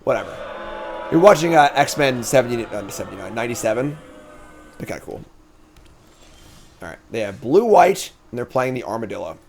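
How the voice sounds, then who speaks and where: A man's voice: mid-range voice, fairly quick, pauses often, slight background noise. A man streams himself playing a card game and talks through every choice as he goes. His voice swings up and down with lots of life, and he sounds loose and chatty. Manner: chatty, thinks aloud, animated swings in energy. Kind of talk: casual gameplay commentary.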